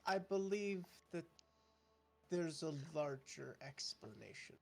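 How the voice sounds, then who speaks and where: A man voicing a calm, posh male druid who speaks in slow, deliberate, formal sentences. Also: fairly high pitch, vocal fry, soft background music. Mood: composed.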